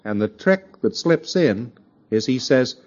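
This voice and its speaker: Man lecturer, animated pitch, chatty asides to the room, dull lo-fi tape. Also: measured pace. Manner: conversational, with frequent asides to the audience. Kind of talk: recorded lecture.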